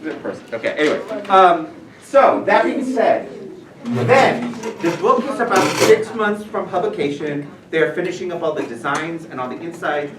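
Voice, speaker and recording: A man telling stories casually to a school audience as a visiting author, animated and self-deprecating with many fillers. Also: on the high side, normal speed. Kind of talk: casual storytelling talk to students. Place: school room. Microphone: far room mic. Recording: echoey room from far off, noisy.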